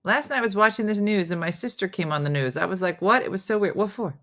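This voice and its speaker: A middle-aged morning show host with a gravelly voice on the low side rattles through viewer comments fast, barely pausing. Animated on her casual chat show, she tells family stories and acts out everyone's voices.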